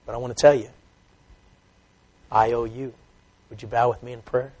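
A man preaching a sermon, swinging from loud, emphatic preaching to soft, quiet asides and often repeating words as he restarts. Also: medium pitch, flat delivery, moderate pace, poor audio. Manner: repeats phrases with stumbles and restarts. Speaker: pastor. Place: church.

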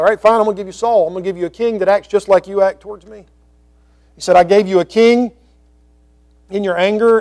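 A man with a high voice and a darkish tone works through scripture verse by verse as a pastor. He reads the old text slowly, then explains it in quick, conversational asides.

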